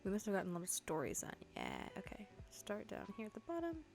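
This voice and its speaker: A woman's voice: mid-range voice, wildly swooping pitch, fast talker, creaky, darkish tone, faint music behind. A young woman hosting a video game playthrough, chatting casually and reading the game's text aloud. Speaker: gaming video host. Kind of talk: casual let's-play commentary.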